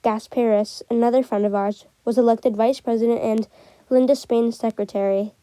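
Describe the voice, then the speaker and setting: A woman reading a novel aloud in a steady way, with occasional slips and restarts. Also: fairly high pitch, moderate pace, clear, resonant tone, no echo. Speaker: reader.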